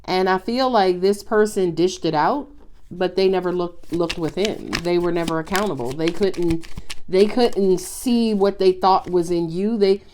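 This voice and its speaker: A woman giving a casual, expressive tarot reading, chatting freely and exclaiming often. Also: lowish voice, measured pace, a little hiss or hum. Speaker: tarot reader.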